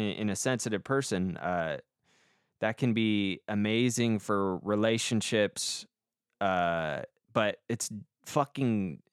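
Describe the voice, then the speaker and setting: A man's voice: on the low side, clear, resonant tone, dry recording, clean studio sound. A young man hosting a podcast, telling a rambling comic story, swearing a lot and making fun of himself. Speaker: podcast host. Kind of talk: casual comic monologue.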